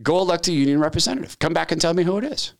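A man's voice: a little high, rapid-fire, vocal fry. A middle-aged man hosting a talk show, telling anecdotes in casual chat and acting out the dialogue. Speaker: podcast host.

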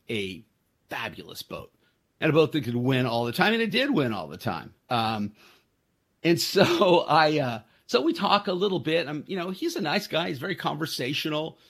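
Husky man in his sixties, rambling. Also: fairly high pitch, sing-song, a bit bright. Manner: rambling, halting with fillers and restarts; self-deprecating. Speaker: podcast host. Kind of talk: casual storytelling.

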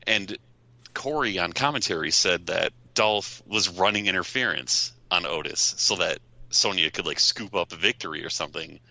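Deep, bright-toned man analyzing wrestling. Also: gravelly, no room sound, lo-fi sound. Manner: measured, analytical, thinking aloud. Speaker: wrestling podcast panelist. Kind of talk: casual wrestling discussion.

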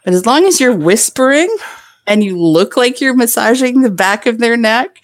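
A woman's voice: a little high, animated, normal speed, no echo, studio quality. A woman guest on a podcast, talking frankly and playfully and laughing often. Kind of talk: casual interview chat.

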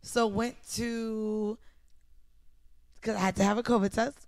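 A woman's voice: on the high side, little pitch movement, unhurried, a little mellow, no echo, clean studio sound. A woman hosting a podcast in casual chat, brash and profane with a playful edge. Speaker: podcast host.

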